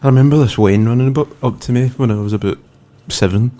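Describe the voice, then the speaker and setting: A man's voice: mid-range voice, quick pace, warm tone. A British man on a podcast, telling a childhood story in casual chat, laid-back and swearing now and then. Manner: laid-back, swears, laughs through his own anecdote. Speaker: podcast co-host.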